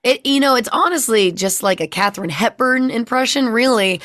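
A woman's voice: fairly high pitch, lively intonation, normal speed, a bit bright. A woman, a voice actor guest, chatting casually in an interview and often trailing off and restarting.

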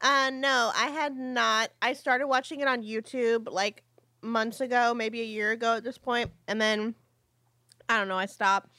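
A woman with a higher, bright voice co-hosts a podcast in relaxed, wry chat. Her voice sounds dry and close, with no room around it. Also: measured pace, no echo. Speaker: podcast co-host. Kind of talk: casual chat.

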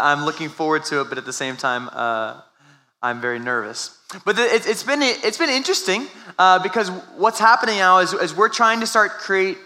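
Bright, high-voiced young pastor. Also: male voice. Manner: conversational, storytelling with restarts and laughs. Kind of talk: sermon.

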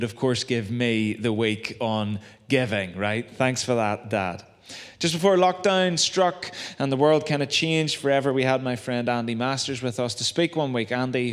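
A young adult man with a Northern Irish accent preaching a sermon in a chatty, self-deprecating way, full of tag questions. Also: mid-range voice. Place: church hall. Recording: long reverb of a church hall.

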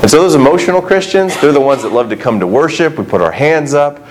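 A man's voice: fairly high pitch, lively intonation, quick pace, a little hiss or hum, low-quality recording. A middle-aged male pastor delivering a conversational sermon, full of rhetorical questions and acted-out quotes.

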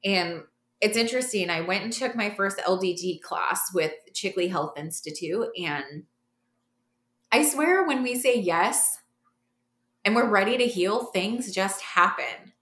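A woman guest on a podcast, telling her story in an animated way, laughing and acting out the voices of the people in it. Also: medium pitch, unhurried. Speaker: podcast guest, massage therapist. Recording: roomy echo.

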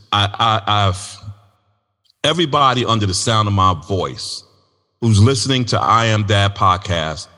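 Male podcast host, very low voice, animated folksy delivery, long reverb. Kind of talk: casual podcast talk.

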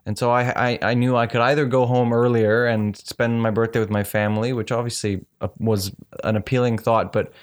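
A man chatting casually in a relaxed way, with frequent fillers. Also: mid-range voice, brisk, few pauses. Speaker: conversation partner. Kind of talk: casual chat.

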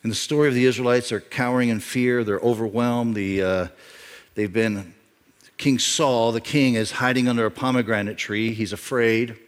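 A man's voice: medium pitch, fairly even intonation, normal speed. Middle-aged male pastor, mid-range voice, emphatic sermon delivery with echoing hall reverb. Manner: emphatic, repeats key phrases, swings from loud to quiet.

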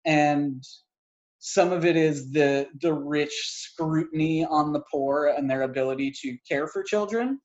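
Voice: medium pitch, measured pace, a little mellow. Podcast co-host, casual movie chat, rambling, filler-heavy, slightly muffled lo-fi sound. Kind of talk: casual film review chat.

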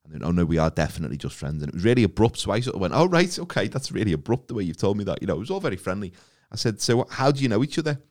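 A man's voice: fairly low pitch, very fast, dry recording, studio quality. A man, co-hosting a podcast and telling stories in a casual, chatty way. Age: 40s. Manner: chatty storyteller, lively and laughing. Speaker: podcast co-host, comedian. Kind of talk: casual chat.

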